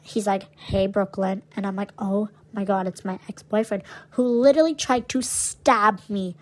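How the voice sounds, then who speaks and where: A woman's voice: medium pitch, fairly even intonation, moderate pace, a little mellow, rough recording. Young woman co-host, brash and foul-mouthed, dramatic storyteller, casual chat. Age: young adult. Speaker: podcast co-host.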